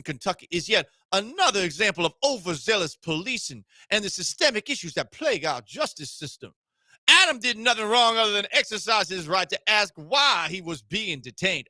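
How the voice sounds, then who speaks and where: Man putting on a southern drawl, pompous lawyer, declaiming, piercing bright tone, dry close sound. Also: sits high, dry recording, pitched above the performer's own voice, full character voice. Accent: put-on American Southern drawl. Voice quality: theatrical, declaiming.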